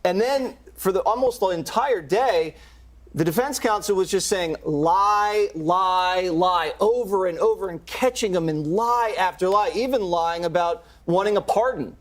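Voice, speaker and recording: A male TV pundit with a notably high voice for a man. He recounts events in a chatty, conversational way on a news panel. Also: moderate pace.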